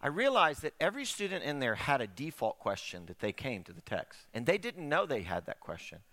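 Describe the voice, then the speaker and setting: A man's voice: mid-range voice, very animated, a little fast, fairly bright tone. A middle-aged man preaching a conversational sermon, full of rhetorical questions. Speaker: pastor.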